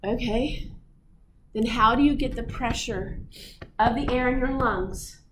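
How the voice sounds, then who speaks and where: A middle-aged woman teaching physiology to a class, telling animated stories and acting them out. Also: fairly high pitch, a little slow. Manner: animated, acts out her stories. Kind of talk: classroom lecture with storytelling. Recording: echoey room, audible room noise.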